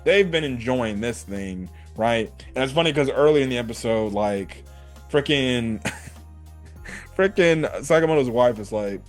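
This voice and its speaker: Ein lockerer, fluchender Mann im Plauderton. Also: male voice, mid-range voice, expressive, a little slow, faint music behind. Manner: loose and profane, with frequent laughs and acted-out quotes. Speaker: anime reviewer. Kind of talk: casual chat.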